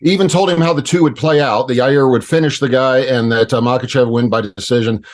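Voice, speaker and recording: A man co-hosts a podcast in a mid-pitched, everyday voice. He talks in a relaxed, rambling way, easing from one thought to the next. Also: fast talker. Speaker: podcast co-host. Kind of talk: casual chat.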